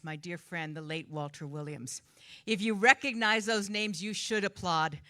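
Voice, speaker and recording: A woman's voice: mid-range voice, bright, forceful tone, no room sound. A woman running for mayor gives an upbeat, eager thirty-second campaign speech to a live audience. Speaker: mayoral candidate.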